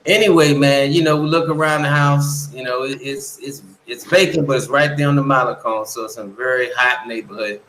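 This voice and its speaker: Blunt, bright-voiced man in an echoey room. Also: medium pitch, steady tone, brisk, few pauses, slight background noise. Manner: blunt, profane storytelling. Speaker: guest. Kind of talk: casual chat. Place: lives in the Dominican Republic.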